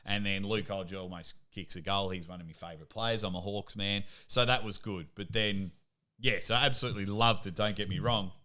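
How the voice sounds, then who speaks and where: A young Australian man, a sports commentator, chatting casually as a podcast guest and telling lively stories. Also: on the low side, brisk. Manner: lively storyteller, laughs at himself. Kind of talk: casual interview chat.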